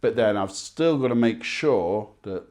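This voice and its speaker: A man, a game developer, answering quick questions in a relaxed, casual way, often pausing with ums and uhs. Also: lowish voice. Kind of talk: casual rapid-fire Q&A.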